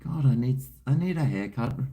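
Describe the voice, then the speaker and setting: A man's voice: mid-range voice, animated, brisk, warm tone. A man with an Australian accent hosting a casual livestream, rambling in a laid-back way, reading out viewer messages, with crude slang and chuckles. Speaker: livestream host. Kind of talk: casual livestream chat while drinking.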